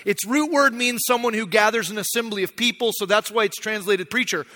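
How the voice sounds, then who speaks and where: A man's voice: high-pitched, a little fast, sharp tone, long reverb tail. A middle-aged man, a pastor, giving a conversational, self-deprecating sermon in a church sanctuary.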